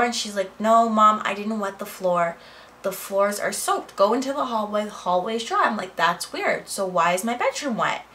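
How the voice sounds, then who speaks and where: A young adult woman talks her way through a storytime vlog in a lively, chatty manner, acting out the back-and-forth as she goes. Her voice is bright and forward. She records at home in her office, with a faint room hum underneath. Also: medium pitch, poor audio. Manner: animated, chatty retelling with quoted dialogue. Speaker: vlogger.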